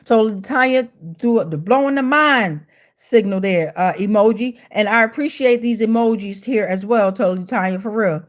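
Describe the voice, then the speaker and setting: A woman's voice: mid-range voice, normal speed. A woman hosting a tarot livestream, reading out viewer comments in a slangy, playful, chatty way and greeting people by name.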